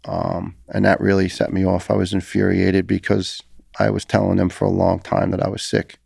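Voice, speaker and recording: A man's voice: low voice, monotone, normal speed, vocal fry, darkish tone, breathy edge, no echo, clean studio sound. A middle-aged man with a New York accent, a former firefighter telling his story as a podcast guest, talking intensely and earnestly with frequent restarts. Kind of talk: conversational storytelling.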